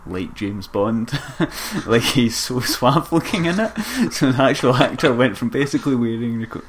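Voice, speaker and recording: A man's voice: medium pitch, lively intonation, normal speed, a little hiss or hum. A man co-hosting a podcast, chatting loosely about a film and laughing often. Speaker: podcast co-host. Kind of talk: casual film review chat.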